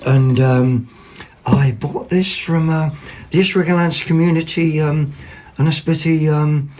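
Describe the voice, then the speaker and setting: A man hosting a vlog, chatting casually about second-hand finds in a rambling, excitable way, full of ums and self-corrections. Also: on the high side, creaky, a little hiss or hum. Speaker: vlog host.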